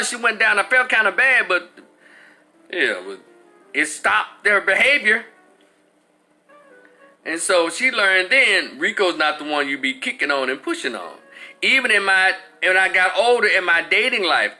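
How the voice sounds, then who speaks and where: A high-voiced man in his forties rants through a story, swearing freely and acting out the people in it. His tone is very bright and tense, with faint music underneath. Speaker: commentator. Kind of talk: profane storytelling rant.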